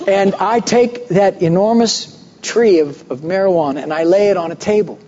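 A man preaching a sermon, telling a personal story with animated voices for the people in it. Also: sits high, moderate pace, slight background noise. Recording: muffled recording with long hall reverb.

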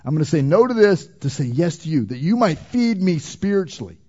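A man preaches a sermon in a somewhat raised voice that climbs loud and emphatic, then drops low and quiet. The recording sounds dull and lo-fi. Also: sing-song, brisk. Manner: swings between loud emphatic preaching and quiet intimate passages. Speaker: pastor.

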